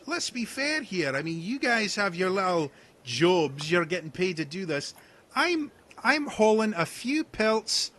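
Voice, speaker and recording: A man's voice: high-pitched, a bit bright, voice pushed up, full character voice. A man voicing a burly, pushy male hunter with a coaxing, blustery manner. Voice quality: broad dialect, coaxing and blustery.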